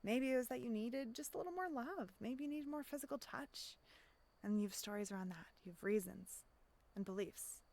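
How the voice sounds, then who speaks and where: Reflective woman coach, audible deep breaths. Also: lively intonation, moderate pace, darkish tone. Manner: reflective, often asks "right?" and takes audible deep breaths; acts out inner voices in quotes. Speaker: life coach. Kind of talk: casual self-help monologue.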